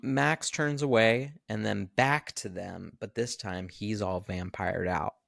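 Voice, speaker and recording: A man co-hosting a podcast, recapping a film in animated casual chat and swearing freely. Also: lowish voice, slow, creaky, dry recording, clean studio sound. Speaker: podcast co-host.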